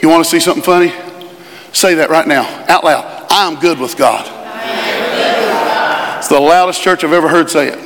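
A middle-aged male pastor preaching a sermon in a church, animated and shouting at times. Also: a little high, fast talker, a crowd in the background. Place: church sanctuary. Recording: live church recording with hall reverb.

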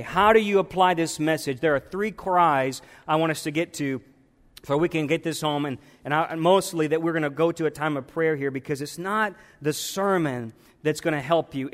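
A man preaching a sermon as pastor of his church, impassioned, swinging between hushed and loud. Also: a little high. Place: church sanctuary. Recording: long reverb in a large church hall.

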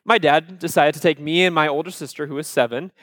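A man with a fairly high voice tells a personal story to an audience. He is conversational and animated, slipping in fillers and asides to the crowd. The sound is dry and close, with no room echo. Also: quick pace. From Iowa, USA. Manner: animated, acts out his own childhood panic. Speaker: speaker addressing a live audience.

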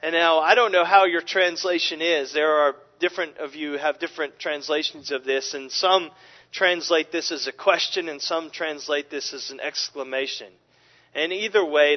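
A man preaching an expository sermon, animated and emphatic, often restarting his sentences. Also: on the high side. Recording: dull, lo-fi recording.

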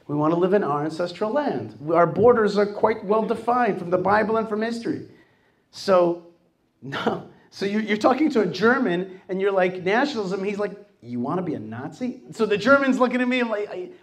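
A man giving a lively talk to a live audience in a hall. He jokes with the crowd, asks them questions and acts out other people's voices. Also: high-pitched.

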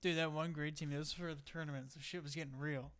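A young man tells soccer stories in an offhand, mumbling way, full of "like"s. His voice sits a little high. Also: fairly even intonation, quick pace, a crowd in the background. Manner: offhand, mumbled storytelling with frequent "like". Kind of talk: casual chat.

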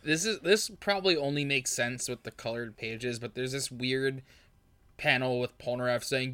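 A man's voice: mid-range voice, moderate pace, sharp tone. A man co-hosting a casual podcast, amused and emphatic, laughing often as he talks about comic panels. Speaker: podcast co-host. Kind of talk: casual chat recapping a manga.

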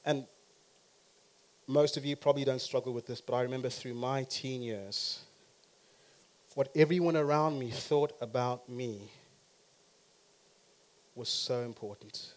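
A man preaching a sermon who talks straight to the congregation and swings from quiet to loud and emphatic. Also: mid-range voice, steady tone, unhurried, pauses often.

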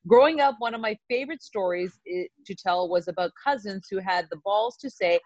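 A woman co-hosting a podcast in casual chat, animated and quick to laugh. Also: mid-range voice, dry recording, highs cut off. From South Asian community. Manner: animated, laughs easily, emotional. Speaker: podcast co-host.

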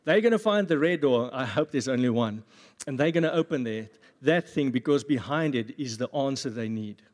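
A man pastor giving a sermon at a church service, with jokey, animated asides. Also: medium pitch, moderate pace. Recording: long reverb of a church hall.

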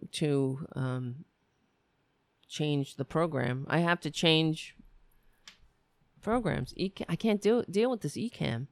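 A woman hosts her live-stream show in loose, rambling chat, ranting one moment and thinking aloud the next. She talks slowly in a somewhat low voice that is starting to go hoarse. The sound is dry and close to the mic. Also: no room sound. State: losing her voice.

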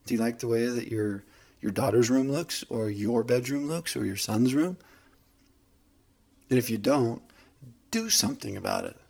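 A man's voice: medium pitch, big pitch swings, normal speed, creaky, long pauses, a little mellow, husky. A man giving a casual motivational monologue, rambling through a story with many restarts and fillers.

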